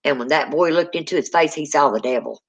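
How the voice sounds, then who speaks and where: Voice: medium pitch, fast talker. A speaker, telling a true ghost story in casual spoken style and acting out the people in it. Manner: dramatic, acts out quoted people. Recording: dull lo-fi sound.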